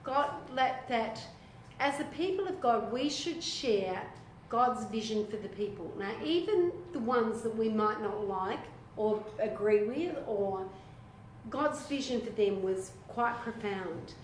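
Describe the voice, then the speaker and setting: A woman leading a small-group Bible study in a casual, animated way, acting out what biblical figures might say. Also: on the high side, takes it slowly, a little hiss or hum. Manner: animated, chatty, acts out voices of biblical figures. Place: echoey room with a small group. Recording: echoey room recording.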